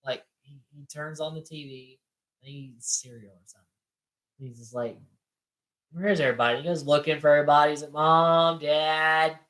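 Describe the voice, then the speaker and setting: A podcast co-host recapping a movie's plot in casual chat, acting out quick quotes along the way. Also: mid-range voice, steady tone.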